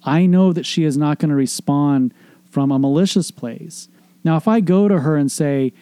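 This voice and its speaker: A man's voice: fairly high pitch, moderate pace, mellow, clean tone, dry recording. A middle-aged man hosting a show, giving an earnest, emphatic motivational monologue on relationships, with casual swearing and repeated phrases. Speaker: podcast host, relationship coach.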